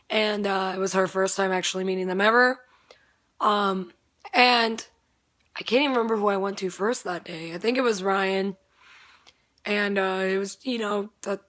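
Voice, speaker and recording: A young woman talks through a long story in a loose, rambling way, cursing casually and breaking into laughter. Her voice sounds strained and not at full strength, and her pitch sits in an ordinary middle range. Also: a bit bright. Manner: rambling, swears freely, laughs often.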